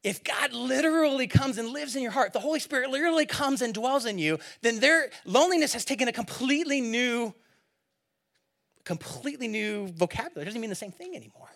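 A man preaching a sermon as pastor, animated and quick to laugh, swinging from loud emphasis to hushed, quiet lines. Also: extremely high pitch, creaky.

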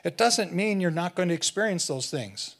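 A man filling in as guest preacher, giving a conversational sermon and slowing down to stress key phrases. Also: high voice, lively intonation, creaky, fairly bright tone. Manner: conversational, slows down for emphasis.

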